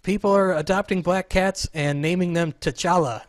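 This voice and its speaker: A man's voice: high-pitched, normal speed, no room sound. A man in his thirties hosting a casual show over a video call, joking and rambling. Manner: joking, rambling, self-deprecating. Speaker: podcast host.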